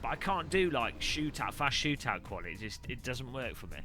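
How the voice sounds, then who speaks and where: A man's voice: mid-range voice, big pitch swings, fairly quick, music in the background. A man live-streaming a racing game, chatting jokily with viewers in a casual way. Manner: jokey, chats with viewers, mock French phrases.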